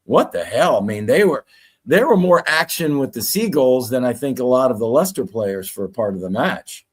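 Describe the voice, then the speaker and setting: A man on a fan watchalong, going through his takeaways from the match in a relaxed, joking way. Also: mid-range voice, moderate pace, husky. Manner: jokey, relaxed storytelling. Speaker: watchalong co-presenter. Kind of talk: casual podcast banter.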